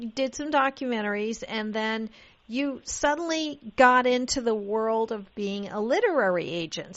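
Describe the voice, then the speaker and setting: Higher-voiced woman radio host, lo-fi. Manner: eager interjections and long leading questions. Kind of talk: interview.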